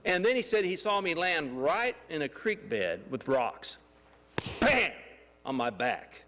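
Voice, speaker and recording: A man telling a lively testimony story in a church, excitable and laughing as he acts out the scenes. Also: a little high, a little slow, big-room sound. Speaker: church member giving a testimony. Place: church sanctuary.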